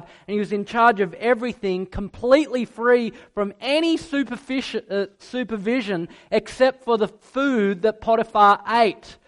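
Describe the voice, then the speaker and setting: A man preaching a sermon, earnest and emphatic, at times dropping low and soft and at times rising loud.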